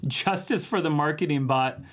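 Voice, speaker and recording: A man from Minnesota hosts a casual art live stream, talking with viewers as he works. His voice sits a little high, and he laughs often and reads chat messages aloud. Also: normal speed.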